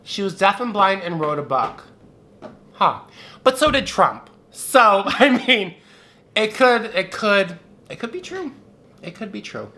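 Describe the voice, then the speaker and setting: A man's voice: sits high, sing-song, unhurried, pushed and bright. A young man chatting campily on camera during a drinking game, sassy and irreverent, recorded at home on the camera mic. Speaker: vlogger.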